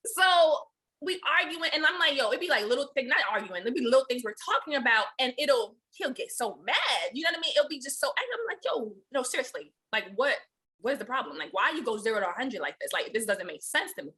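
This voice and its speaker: A woman hosting a podcast in casual chat, telling stories in an animated, slangy way and laughing often. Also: sits high, quick pace. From Haitian family. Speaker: podcast host.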